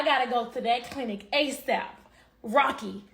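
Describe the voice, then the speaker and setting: A young woman telling a personal story in casual vlog style, animated and acting out what people said. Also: mid-range voice, a little fast, slight background noise. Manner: animated, acts out quotes, laughs. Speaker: vlogger.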